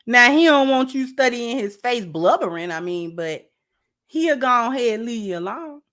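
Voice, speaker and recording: A woman giving casual relationship advice to camera, talking conversationally, repeating phrases and dropping low and soft for asides. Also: lively intonation, moderate pace. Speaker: relationship vlogger.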